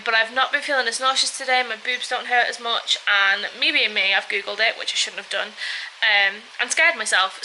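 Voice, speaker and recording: Chatty young woman, bright voice. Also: fairly high pitch, vocal fry, a little hiss or hum, poor audio. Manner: anxious, chatty, talking to camera. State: out of breath. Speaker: vlogger. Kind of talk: casual day-in-the-life vlog. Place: at home, indoors. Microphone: handheld camera.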